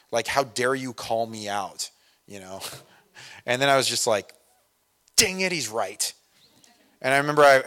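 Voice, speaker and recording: A man's voice: medium pitch, a bit bright. A middle-aged man pastor giving a conversational sermon, telling personal stories with self-deprecating humor and occasional laughs.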